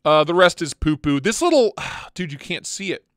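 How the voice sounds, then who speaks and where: A casual, blunt man hosting a chat stream, excitable and quick to swear, sounding tired. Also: a little high, clear, resonant tone, dry recording, studio quality. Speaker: channel host.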